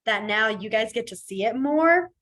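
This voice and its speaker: A woman's voice: on the high side, lively intonation, normal speed, a bit bright. A young woman teaching a casual class, chatty, with frequent laughs and fillers. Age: young adult. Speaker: sign language teacher.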